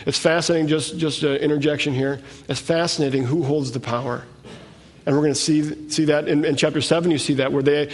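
A man teaching a sermon, reading scripture aloud and explaining it in plain conversational asides. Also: a little high. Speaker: preacher. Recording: echoey hall with long reverb.

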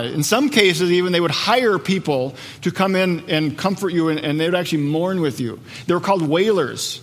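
Pastor preaching in an echoey hall. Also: male voice, high voice. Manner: lively storytelling, acts out voices. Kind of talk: sermon. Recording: long reverb of a large hall.

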